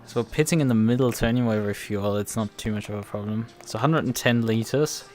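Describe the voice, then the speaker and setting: Low-voiced man thinking aloud. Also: darkish tone. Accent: German. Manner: thinks aloud, halting, self-correcting. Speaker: sim racing streamer. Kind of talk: casual live-stream commentary.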